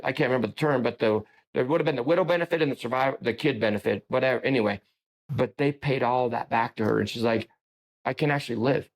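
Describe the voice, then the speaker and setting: Male podcast host, casual storyteller, loose delivery full of restarts. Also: mid-range voice. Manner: rambling storyteller with many restarts. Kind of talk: casual interview conversation.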